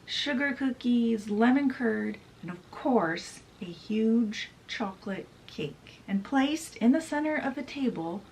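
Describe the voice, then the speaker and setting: A woman's voice: on the high side, expressive, slow, hardly any pauses, a little mellow, slight background noise, low-quality recording. A woman hosting a book channel, summarizing a novel in a chatty retelling style full of casual asides.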